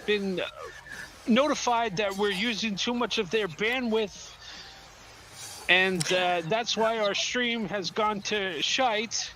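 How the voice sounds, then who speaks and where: A man's voice: sits high, noisy background. A man commentating an esports drone race on a live stream, laid-back and joking about technical trouble.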